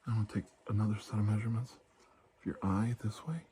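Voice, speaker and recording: Low, dark-voiced man in whispered role-play. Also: steady tone, fast talker, a little hiss or hum. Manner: soft-spoken, gently reassuring, chatty. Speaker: ASMR creator playing a doctor.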